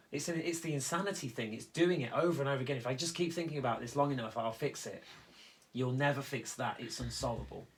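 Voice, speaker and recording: A man's voice: a little high, a bit bright. Earnest man talking through grief. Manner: earnest, halting with many restarts. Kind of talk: reflective conversation about grief.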